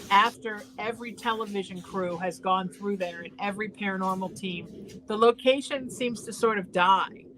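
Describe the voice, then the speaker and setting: A woman hosting an interview muses aloud at a mid pitch, weighing her own ideas as she talks with her guests. Her tone is conversational, with a faint hiss underneath. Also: fairly bright tone, rough recording. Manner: reflective, shares her own views with interviewees. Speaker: podcast host. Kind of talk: casual interview chat.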